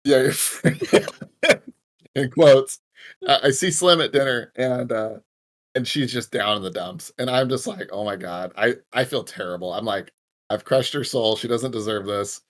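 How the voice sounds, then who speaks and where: A young man co-hosting a podcast, telling a story in a relaxed, wry way, with curse words now and then. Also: medium pitch, moderate pace. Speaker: podcast co-host. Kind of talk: casual storytelling.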